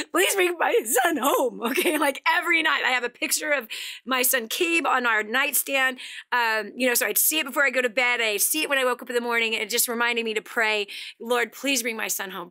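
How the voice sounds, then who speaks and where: A middle-aged woman hosting a motivational talk show, chatty and animated, laughing often as she talks. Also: high-pitched. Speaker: radio show host.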